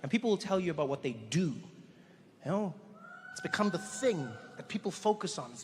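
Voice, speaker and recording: A man with a high voice tells stand-up stories on a stage, animated and quick to slip into other people's voices. His handheld mic is caught with a long hall reverb and a faint ambience of a large venue behind him. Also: a little hiss or hum. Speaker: stand-up comedian. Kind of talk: stand-up storytelling.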